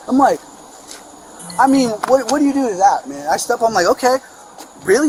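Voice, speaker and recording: A man outdoors at night, telling police about an assault in an agitated, rapid way. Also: sits high, big pitch swings, darkish tone. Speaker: neighbor reporting an assault. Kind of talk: recounting an incident to police. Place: residential street outdoors at night. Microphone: police body camera. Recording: noisy outdoor body cam audio.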